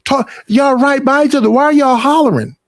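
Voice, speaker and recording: A young man, streaming a casual, profane, animated rant about personal space and family gatherings. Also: very high-pitched, brisk, dry recording.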